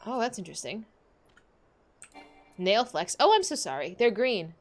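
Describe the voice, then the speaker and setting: A woman from Los Angeles, chatting excitably with viewers during a gaming livestream, laughing often. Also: mid-range voice, normal speed, faint music behind. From Los Angeles, USA. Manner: excitable, giggly, greets viewers. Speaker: game streamer. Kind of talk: casual livestream chat while gaming.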